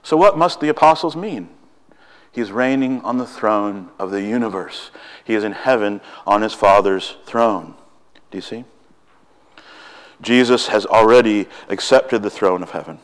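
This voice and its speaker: This preacher has a fairly low-pitched voice and talks quickly and excitedly through his sermon. Rhetorical questions aimed at his listeners are a frequent feature.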